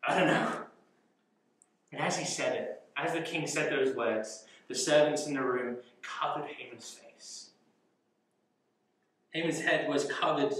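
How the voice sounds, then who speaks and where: A young man leading a youth Bible study, teaching in an animated way with rhetorical questions and frequent chuckles. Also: fairly high pitch. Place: church youth room. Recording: echoey room, mic far off.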